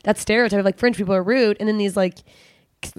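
A woman co-hosting a casual chat, tossing in quick agreements. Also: medium pitch, steady tone, clear, resonant tone, dry recording, studio quality. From United States. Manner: quick back-and-forth, frequent agreeing interjections.

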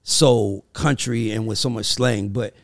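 Gravelly Southern man, emphatic talk. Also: fairly even intonation, unhurried, dry recording, clean studio sound. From American South. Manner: emphatic, storytelling, swings between low and high. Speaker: podcast co-host. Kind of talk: casual chat.

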